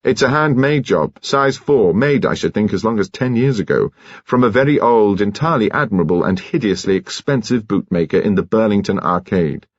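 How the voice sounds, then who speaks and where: Brief: cool, precise detective voiced by the narrator, low husky voice, dull lo-fi sound. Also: male voice, expressive, no room sound. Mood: calm. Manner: measured, dry, precise. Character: calm, precise middle-aged male detective.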